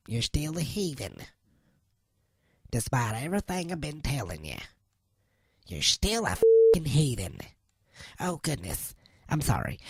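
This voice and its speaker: A woman voicing a flustered, easily riled church lady in a comedy sketch, fumbling with the equipment, cursing and then apologizing in a husky voice. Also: deep voice, darkish tone, no room sound, clean studio sound, full character voice.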